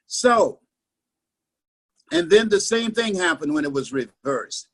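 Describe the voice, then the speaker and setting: A man giving a guest interview as a motivational speaker, telling stories dramatically, with loud emphatic repeats that sink to a hushed hush, heard over a video call. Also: a little high, lively intonation, slow, husky. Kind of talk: emotional motivational storytelling.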